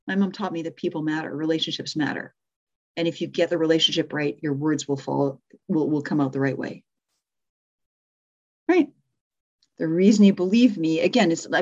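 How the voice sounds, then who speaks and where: A woman's voice: fairly low pitch, a little mellow, highs cut off. A middle-aged woman teaching a live workshop on speaking, demonstrating examples aloud and correcting herself as she goes. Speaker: communication coach.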